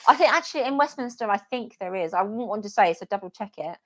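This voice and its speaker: A woman's voice: mid-range voice, expressive, quick pace, fairly bright tone. A woman with a British accent hosting a live stream, chatting enthusiastically and gushing about places she loves. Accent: British English. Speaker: vlogger and stream host. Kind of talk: casual live-stream chat.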